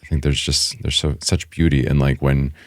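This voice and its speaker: A man's voice: very deep voice, little pitch movement, moderate pace, no room sound, studio quality. A man co-hosting a podcast, speaking earnestly and from the heart, often checking in with "right?", and reading a prepared closing thought. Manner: reads a prepared closing statement. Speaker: podcast co-host. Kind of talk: reflective conversational podcast.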